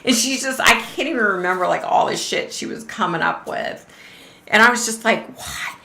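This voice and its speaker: A woman's voice: mid-range voice, lively intonation, fairly quick, bright, forceful tone. A middle-aged woman hosting a live stream, telling a story in a casual, chatty way, swearing freely and laughing often. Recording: roomy echo.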